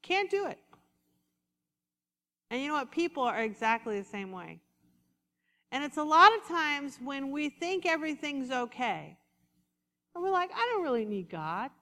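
Woman, preacher, high voice, bright tone, animated conversational sermon, long hall reverb. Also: measured pace, pauses often.

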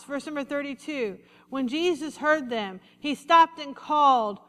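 A woman pastor preaching a sermon, leading the congregation in call-and-response and slowing down for emphasis. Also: sits high, a bit bright. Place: church sanctuary. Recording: reverberant hall.

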